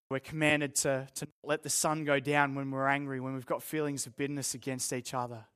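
A man's voice: medium pitch, a bit bright. A young man with an Australian accent, preaching a sermon to a church congregation in a candid, self-deprecating way. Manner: earnest, candid and self-deprecating, with joking asides. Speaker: pastor. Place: church room with a live congregation.

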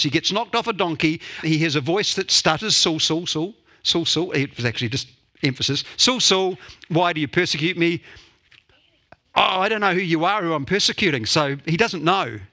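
Male pastor, bright, fairly high voice, chatty sermon with jokes. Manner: playful, jokey asides.

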